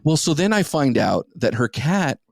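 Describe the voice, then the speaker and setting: Profane rambling podcast host, dry sound. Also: male voice, on the high side, very animated, moderate pace, gravelly, no room sound. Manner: crude, rambling, profane anecdote telling. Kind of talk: casual storytelling.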